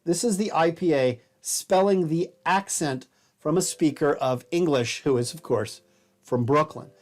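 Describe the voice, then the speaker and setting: A man's voice: a little high, measured pace, a little mellow. A man giving a casual, explanatory college lecture, with a self-deprecating manner.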